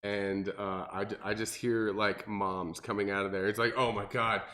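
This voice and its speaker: A man, a personal trainer co-hosting a podcast, talking casually and animatedly with lots of fillers and restarts. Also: moderate pace. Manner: animated, mimics people in exaggerated high voices, many fillers and restarts.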